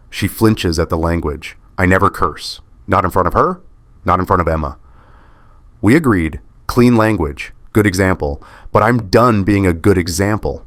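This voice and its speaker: A man's voice: low-pitched, normal speed, fairly bright tone, no echo. A man giving scripted first-person drama narration in a heavy, wounded, bitter manner.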